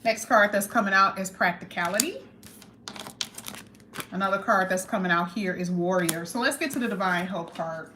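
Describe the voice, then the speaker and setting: A woman giving a casual tarot reading to camera, chatty and lively, talking straight to her viewers and slowing down to stress key phrases. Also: mid-range voice, background noise. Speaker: tarot reader.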